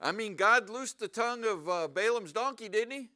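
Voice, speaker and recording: Bright, clear-voiced male preacher. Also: sits high, moderate pace. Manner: animated, asks the congregation questions. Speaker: pastor. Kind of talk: sermon. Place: church sanctuary.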